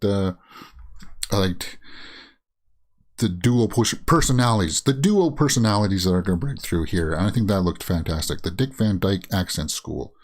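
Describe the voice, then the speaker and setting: A man hosting a casual movie news show, rambling through reactions with many fillers and frequent chuckles. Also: fairly low pitch. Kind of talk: casual commentary while browsing and reading tweets.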